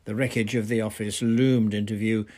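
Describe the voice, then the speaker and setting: A man reading a novel aloud in steady, deliberate narration. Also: lowish voice. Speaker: reader. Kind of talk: audiobook narration.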